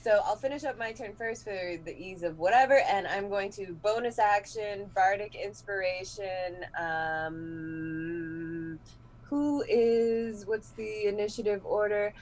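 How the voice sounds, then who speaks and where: Woman at a tabletop game, chatty, mid-pitched, laughs a lot while she works out her turn. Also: steady tone, takes it slowly, darkish tone, slight background noise. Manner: chatty, laughs often, thinks aloud. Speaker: player. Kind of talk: casual tabletop game chat.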